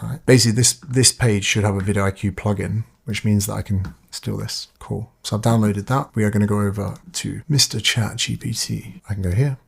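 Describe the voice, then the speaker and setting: A man's voice: on the low side, vocal fry, husky. A man giving a casual screen-share tutorial as a business mentor, chatty and thinking aloud, swearing when frustrated.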